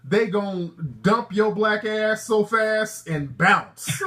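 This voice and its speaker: Brash call-in show host, man, aave slang, kinda high voice, teasing the callers. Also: slow, sharp tone. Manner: brash, joking, street slang, lecturing callers. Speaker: show host taking calls. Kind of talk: call-in talk show banter.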